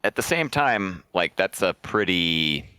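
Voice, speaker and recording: A man with a very deep, smooth, resonant voice and a bright, forceful edge. He speaks in a measured, deliberate way during a casual podcast chat. The sound is dry and close. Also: sing-song, no echo. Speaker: podcast co-host.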